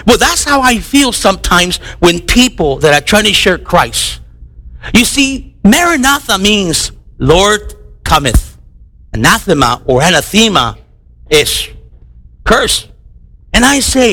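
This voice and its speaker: Animated, bright-voiced male preacher. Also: high voice, measured pace. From United States. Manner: animated, acts out voices of people in his stories. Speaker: pastor. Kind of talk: sermon.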